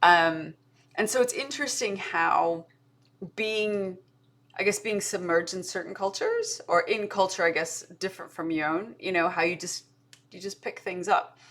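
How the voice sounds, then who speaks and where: Chatty American woman, slightly lowish voice. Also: lively intonation, moderate pace, a bit bright. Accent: American with a slight Australian tinge. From United States. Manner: rambling, self-interrupting storyteller with fillers. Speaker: podcast co-host. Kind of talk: casual chat.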